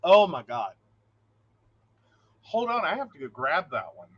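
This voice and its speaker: A man with a high, very expressive voice hosts a relaxed podcast conversation. He tells anecdotes with plenty of laughter and slips into little impressions of the people he's quoting. The audio is muffled, with a lo-fi podcast quality. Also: measured pace, a little hiss or hum. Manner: animated storyteller, acts out quotes, laughs often. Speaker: podcast co-host. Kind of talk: casual chat.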